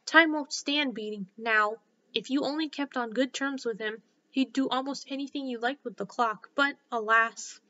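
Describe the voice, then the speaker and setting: A woman voicing an eccentric, fussy male hatter in a slow, deliberate, mournful manner. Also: high-pitched, pushed and bright. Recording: slightly dull lo-fi recording.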